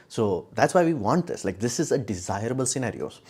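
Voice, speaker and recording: A man's voice: mid-range voice, big pitch swings, fairly quick, few pauses, darkish tone, husky. A man giving casual live-stream commentary in a blunt, sarcastic way, rambling with many restarts. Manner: blunt, sarcastic, mocks views in put-on quotes.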